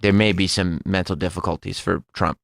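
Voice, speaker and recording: A man in his thirties co-hosting a casual talk show, earnest and animated. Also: low voice, fairly quick, creaky, no room sound, clean studio sound. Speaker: co-host.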